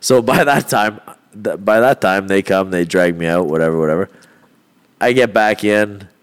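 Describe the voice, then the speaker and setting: A man, a fighter on a podcast, tells a rowdy story in a loose, casual way. His voice sits a bit low, and he swears freely and breaks into laughter often. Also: normal speed, clear, resonant tone.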